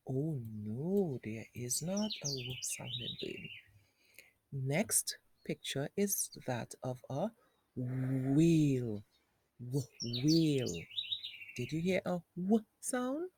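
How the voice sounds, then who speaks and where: A woman's voice: low voice, big pitch swings, very slow, dark tone, breathy edge. A woman teaching phonics to young children, patiently repeating sounds and words and asking the child questions.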